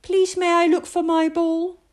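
A woman's voice: extremely high pitch, flat delivery, unhurried, a little mellow, voice pushed up. A woman doing a brave little girl, Rose. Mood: eager.

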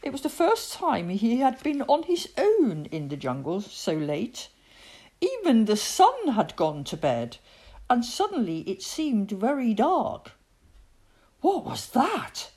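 Breathy, very expressive woman storyteller. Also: fairly high pitch. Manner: expressive, dramatic pauses. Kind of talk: reading a children's picture book aloud.

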